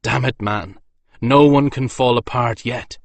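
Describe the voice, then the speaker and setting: A man's voice: medium pitch, measured pace, no room sound, natural voice. A man voicing a hardened male warrior who snarls out urgent orders. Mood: urgent, angry.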